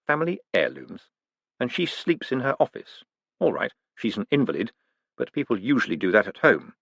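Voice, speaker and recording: A man voicing a smooth, quick-witted male con man who talks in a wry, teasing way. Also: mid-range voice, sing-song, fairly bright tone, no room sound, exaggerated voice.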